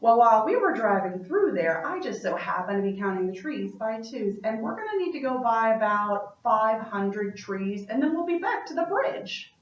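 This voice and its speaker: A woman's voice: fairly high pitch, big pitch swings, normal speed, hardly any pauses. A woman voicing a clever, methodical sister in a told story, explaining in a matter-of-fact way, recorded in a roomy space from afar. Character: clever, methodical girl sister who counts. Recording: roomy, distant, dull-sounding room recording.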